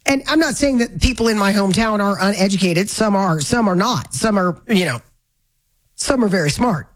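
A woman from Northern Florida hosting a talk radio show, chatting in a casual, opinionated way with lively exclamations. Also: medium pitch, normal speed, rough recording. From Northern Florida, USA. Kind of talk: casual on-air banter.

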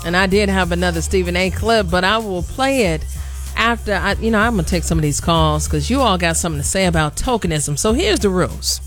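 A woman's voice: on the low side, expressive, a little fast, faint music behind. A woman hosting a call-in talk radio show, blunt and sassy, pressing her callers hard.

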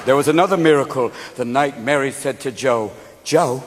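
A male stand-up comedian performing a routine on a club stage, jumping into loud character voices. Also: mid-range voice, brisk, crowd noise. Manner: animated, shifts into shouted character voices. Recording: live hall recording with audience noise.

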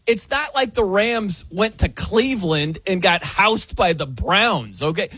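A man's voice: high voice, lively intonation, measured pace, sharp tone, husky, no echo. An American man hosting a sports talk show, emphatic and full of rhetorical questions.

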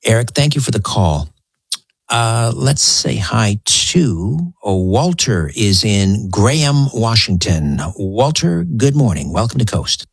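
Low, husky male radio host. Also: very animated, takes it slowly, no room sound. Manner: conversational, chatty. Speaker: radio talk show host. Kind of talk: call-in radio hosting.

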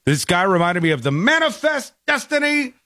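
A man chatting casually as a show host, his pitch jumping all over as he tells a story. The recording is dry and close, with no room sound. He laughs often as he talks. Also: very animated, normal speed, bright, forceful tone, no room sound. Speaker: podcast host. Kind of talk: casual chat.

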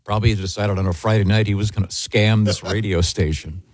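A man hosting a radio show with a very deep voice, telling a rambling anecdote full of pauses and restarts. He sounds close and dry at a studio microphone. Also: steady tone, a little mellow, dry recording. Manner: rambling, halting storyteller with many restarts. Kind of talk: casual morning-radio banter.

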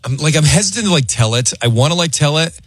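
A man hosting a radio call-in show, telling a story in an animated way and acting out the people in it. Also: on the high side, fast talker, no room sound, faint music behind. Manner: animated storyteller, acts out quotes. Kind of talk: casual radio chat and storytelling.

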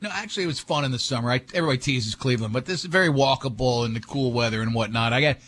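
A man's voice: mid-range voice, rapid-fire, fairly bright tone, slightly rough. A man hosting a radio show, telling stories in casual banter with many restarts. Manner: rambling storyteller, many restarts.

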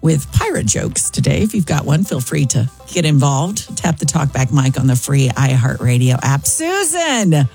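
A woman's voice: low-pitched, sing-song, moderate pace, vocal fry, mellow, slightly rough, faint music behind. A woman radio host in bubbly, exclaiming show chat, taking calls.

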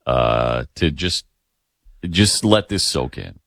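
A man's voice: very deep voice, expressive, slow pace. A man co-hosting a political talk radio show, chatting casually with a sarcastic, exasperated edge and frequent chuckles.

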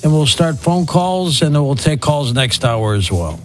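A man's voice: fairly high pitch, animated, normal speed, soft background music. Conversational male radio talk host. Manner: conversational, asking questions. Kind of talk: radio interview.

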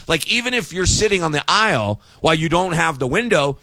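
A man's voice: a little high, expressive, brisk, pushed and bright, dry recording. A middle-aged man ranting with sarcastic exasperation in a casual monologue.

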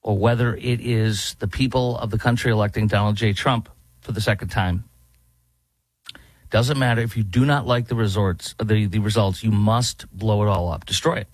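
A man's voice: on the low side, steady tone, normal speed, no room sound. A man hosting a political talk show, sarcastic and rambling with many restarts. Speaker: host.

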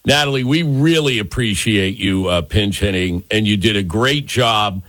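A man's voice: moderate pace, no echo. A man hosting a radio show, chatting and teasing his guest in a casual way. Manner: chatty, teasing, lively pitch swings.

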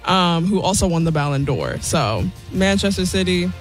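Another soccer pick comes from a woman on the sports radio team, her voice on the low side with lively intonation at a normal pace. She's casual, playful, and giggly, and soft music plays in the background.

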